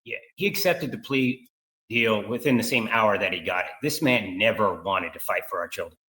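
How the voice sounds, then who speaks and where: A man's voice: lowish voice, moderate pace, rough recording. A man, a victim's father, speaking intensely as a guest in an interview. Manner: intense, forceful statements.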